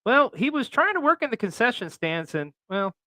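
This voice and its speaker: Lively, bright-voiced male co-host. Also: extremely high pitch, moderate pace, no echo. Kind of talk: casual wrestling chat.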